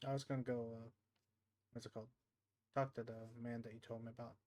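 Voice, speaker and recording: A man's voice: mid-range voice, level tone, fast, darkish tone. A man playing a tabletop game, chatting casually and a bit hesitantly. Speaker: player.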